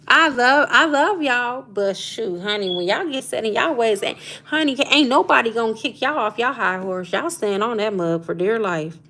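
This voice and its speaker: A woman's voice: fairly high pitch, vocal fry, a bit bright. Chatty woman hosting a spiritual live stream. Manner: chatty, laughs often, Southern Black American slang like "y'all" and "honey". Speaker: live stream host doing astrology readings. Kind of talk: casual live chat with viewers.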